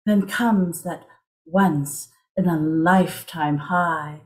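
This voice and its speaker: A woman performing her own poems at an online open mic from home, with a slow, deliberate, rhythmic recitation. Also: lowish voice, darkish tone. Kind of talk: performance poetry.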